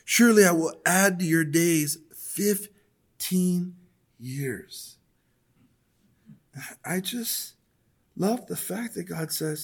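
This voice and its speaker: A male preacher with a somewhat high voice gives a sermon. He talks in a relaxed, conversational way, then reads scripture aloud with growing intensity. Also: drawn-out words, pauses often, husky.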